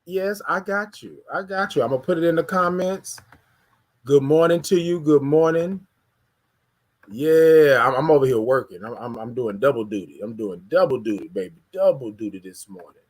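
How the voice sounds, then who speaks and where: A man from Houston hosting a casual morning livestream, greeting viewers and hyping up the chat. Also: a little high. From Houston, Texas. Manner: energetic, hypes the chat, drawn-out sung greetings. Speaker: livestream morning show host.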